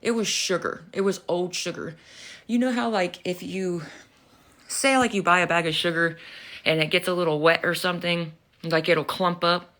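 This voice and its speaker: Animated young woman livestreaming, lowish voice. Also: normal speed. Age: young adult. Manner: animated storytelling, swears freely, laughs often. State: out of breath. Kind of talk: casual livestream chat.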